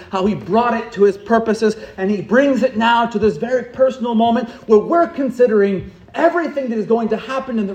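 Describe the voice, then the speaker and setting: Male pastor preaching, pretty high voice, repeats himself for effect, goes soft then loud, echoey church room. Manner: impassioned preaching with rhetorical repetition, swinging from hushed to loud. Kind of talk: sermon.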